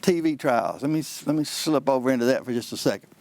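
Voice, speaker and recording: A man, a trial lawyer explaining how trials work on a call-in show, in a folksy, animated way that acts out courtroom exchanges. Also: medium pitch, quick pace, gravelly, dry recording.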